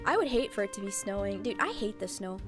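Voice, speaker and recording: A woman streamer chatting casually with her viewers, animated and blunt, laughing often. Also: medium pitch, quick pace, music in the background.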